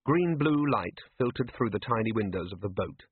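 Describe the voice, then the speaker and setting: Husky man reading a story aloud. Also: lowish voice, normal speed, dry recording. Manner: expressive storytelling. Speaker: audiobook narrator. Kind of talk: scripted narration. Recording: tinny phone-like line, dry.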